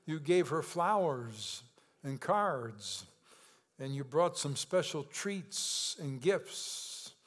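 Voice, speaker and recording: A man preaching a sermon in a conversational way, asking the congregation questions and rising in pitch and volume when he stresses a point. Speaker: pastor.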